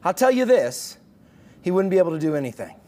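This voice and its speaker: Sarcastic plain-talking once-blind guy, high voice, gets incredulous and emphatic man voicing him. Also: very animated, quick pace, dark tone. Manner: bold, incredulous, rising emphasis.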